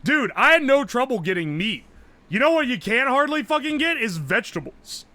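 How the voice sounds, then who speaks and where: A man streaming live, chatting casually, loud and profane, yelling nearly every phrase. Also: very high voice, big pitch swings, moderate pace. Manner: brash and profane. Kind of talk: casual livestream chat.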